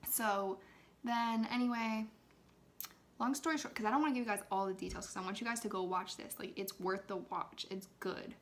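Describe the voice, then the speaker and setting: Speaking at normal speed in a medium-pitched voice with fairly even intonation, a young woman retells a film for her viewers. She's an ASMR creator, and her chatty style is loaded with "like," with occasional slips into whispering.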